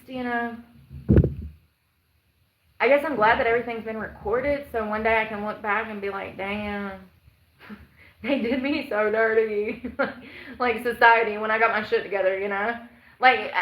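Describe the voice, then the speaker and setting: A woman's voice: mid-range voice, a bit bright, reverberant, low-quality recording. A woman chatting casually on a livestream, rambling, sighing and laughing at herself. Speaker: vlogger. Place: outdoors in the woods.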